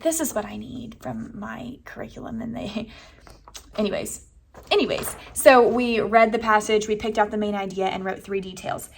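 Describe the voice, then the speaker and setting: A woman's voice: mid-range voice, a little hiss or hum. A young woman teacher, chatting casually about her school day with lots of "like" and "anyways.". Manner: chatty, rambling, many "like"s and "anyways". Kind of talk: casual day-in-the-life vlog talk.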